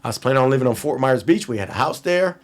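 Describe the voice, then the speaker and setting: A man's voice: mid-range voice, quick pace. A middle-aged man from Miami, an ex-cop and ex-convict, telling his stories candidly in an interview, swearing freely and acting out the people he quotes. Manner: profane, animated storyteller who acts out the people he quotes.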